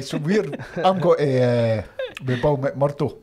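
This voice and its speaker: An older man with a Scottish accent, telling animated stories from his football career as an interview guest. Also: medium pitch, measured pace, few pauses. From Scotland. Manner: animated anecdotes, acts out voices of others. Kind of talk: casual storytelling.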